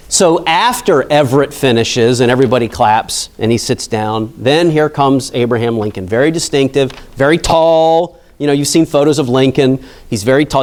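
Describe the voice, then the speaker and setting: A man's voice: medium pitch, a little mellow. A man from Pennsylvania, a national park site manager, giving a conversational history lecture to an audience, chatty and full of asides and questions to the listeners. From Pennsylvania, USA.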